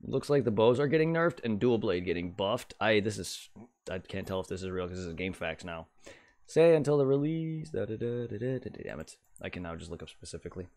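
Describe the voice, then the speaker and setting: A man's voice: fairly low pitch, lively intonation, brisk, darkish tone. A man chatting casually while streaming a game, rambling and humming to himself as he reads aloud. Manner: rambling, mutters and hums while reading. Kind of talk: casual live-stream gaming chat.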